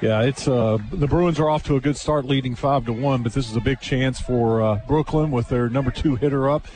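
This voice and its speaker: A man's voice: mid-range voice, a little fast, darkish tone. Chatty male play-by-play announcer. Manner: chatty, conversational, fillers like "uh". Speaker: radio sports host and play-by-play announcer. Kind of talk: live sports broadcast commentary.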